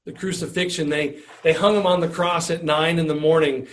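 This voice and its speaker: High-voiced man preaching a sermon. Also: fairly even intonation, a little fast. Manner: earnest, repeats words and restarts phrases. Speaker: pastor.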